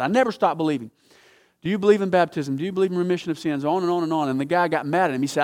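A man preaching a sermon, telling a story with dramatic swings from loud emphatic peaks to hushed, low passages. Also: rapid-fire.

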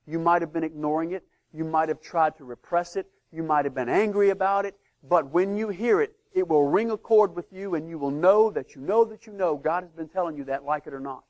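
A male pastor delivering a sermon in a fairly high voice. He drives his points home with loud emphasis, then drops to quiet asides. He keeps his congregation close. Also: fairly quick, hardly any pauses. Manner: emphatic, swings between loud declarations and hushed asides.

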